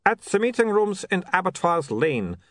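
A man's voice: high-pitched, sing-song, normal speed, dry recording, studio quality, pitched above the performer's own voice. A man reading an audiobook voices a formal, eager male vampire photographer with stiff, foreign-sounding phrasing. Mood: earnest.

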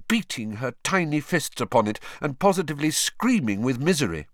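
A man narrating an audiobook in an expressive storytelling manner. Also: mid-range voice, normal speed, hardly any pauses, no echo, studio quality. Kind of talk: scripted narration.

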